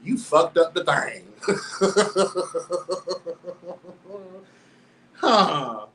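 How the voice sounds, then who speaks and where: A man's voice: high voice, very slow, recorded from a distance, a little hiss or hum, rough recording. A man hosting a show, telling a candid story in a sassy, flamboyant way, constantly addressing listeners as girl and laughing along. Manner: animated, laughs through the telling. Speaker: host.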